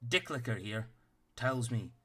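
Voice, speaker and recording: A man's voice: mid-range voice, animated, measured pace, pushed and bright, slightly rough, voice pushed up, full character voice. A man voicing a tiny, fierce female rabbit-folk captain who is bossy and stern, in a tabletop game. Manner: scolding, clipped commands.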